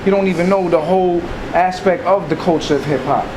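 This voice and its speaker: High-voiced New man in a noisy room. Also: brisk. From Staten Island, New York. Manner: explains by acting out scenes. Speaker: interviewee. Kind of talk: casual interview talk.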